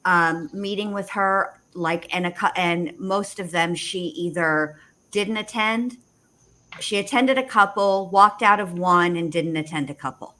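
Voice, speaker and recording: A woman co-hosting a casual livestream, talking in rushed restarts with sarcastic asides. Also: on the low side, pushed and bright. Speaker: co-host.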